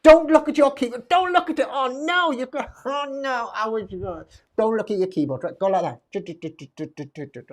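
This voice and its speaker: Chatty quiz host. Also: mid-range voice. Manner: chatty, self-mocking, rambling asides between questions. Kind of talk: casual live-streamed pub quiz hosting.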